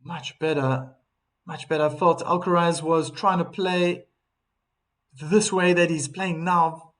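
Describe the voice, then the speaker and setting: With a high voice and a pace just a bit slow, a man streams live tennis commentary. Between points he's calm, on big shots he livens up, and he reads out what viewers type in chat.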